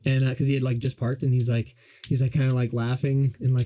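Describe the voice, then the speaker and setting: A man's voice: medium pitch, level tone, fast, mellow. A young man hosting a podcast, telling a story in a rambling, profane, casual way. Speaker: podcast host. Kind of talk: casual chat.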